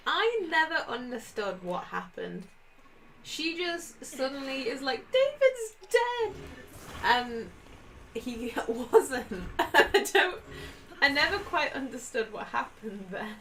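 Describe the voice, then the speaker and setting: A woman's voice: a little high, expressive, normal speed, sharp tone, slight background noise, poor audio. A woman co-hosting a gaming video, chatting and telling stories with frequent laughs. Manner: chatty, giggly storyteller. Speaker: co-host. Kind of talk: casual chat.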